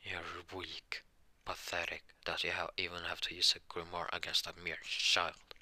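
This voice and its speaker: A man's voice: sits low, completely flat delivery, moderate pace, sharp tone, no room sound, exaggerated voice. A man voicing a defiant young boy hero. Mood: scornful. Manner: defiant, scornful.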